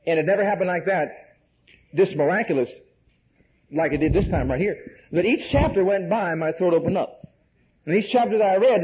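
Preacher, high voice, folksy storytelling sermon, dull hissy tape. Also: male voice. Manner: folksy testimony with frequent "bless God" and "amen"; acts out dialogue, laughs while telling stories.

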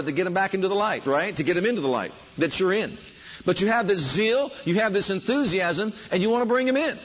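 A man preaching a sermon, fervent and building enthusiasm, calling on his listeners to respond. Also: sits high. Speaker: pastor. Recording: dull lo-fi sound.

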